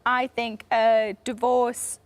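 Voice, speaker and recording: A candid Geordie woman in her forties chats casually, laughing often. Her voice sits a little high. She talks like a comedian among friends. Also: flat delivery, takes it slowly. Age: 40s. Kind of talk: casual chat. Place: indoor venue with a stage.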